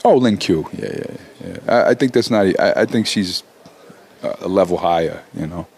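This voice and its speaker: Guest rapper, male, 40s, low register, animated and profane, lots of restarts. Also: moderate pace, creaky, husky. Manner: animated, swearing, many restarts. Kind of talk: profane casual interview talk.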